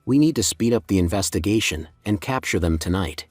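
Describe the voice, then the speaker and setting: A man's voice: lowish voice, expressive, brisk, breathy edge, no echo, soft background music. A man voicing a stern, suspicious agency boss who gives firm, commanding orders.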